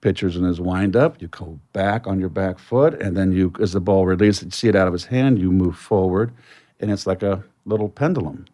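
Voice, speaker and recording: An older man with a very low voice tells stories from his playing days and slips into lively retellings of old conversations. The sound is dry and close, with no room behind it. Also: fairly quick, no echo. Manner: reflective, animated when telling stories. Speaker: guest, retired baseball player. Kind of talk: storytelling in a podcast interview.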